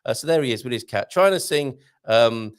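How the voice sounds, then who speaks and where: A man hosting a live online show, rambling excitably to viewers and reading the chat. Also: medium pitch, a little fast. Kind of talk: casual live-stream chat.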